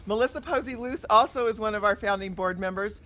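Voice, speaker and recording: A woman's voice: mid-range voice, brisk, pushed and bright, slight background noise. A woman hosting a podcast, chatting with guests in an upbeat, enthusiastic way. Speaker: podcast host. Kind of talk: casual podcast chat.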